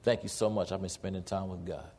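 A man in his forties with a somewhat low voice, preaching a lively sermon. He tells stories with energy and slips into acted-out dialogue. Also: quick pace. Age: 40s. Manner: animated storytelling, acts out dialogue. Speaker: pastor.

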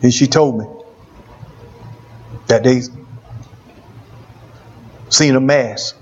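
A man's voice: mid-range voice, very slow, darkish tone, slightly rough, lo-fi sound. A man preaching a testimony sermon, repeating phrases for emphasis.

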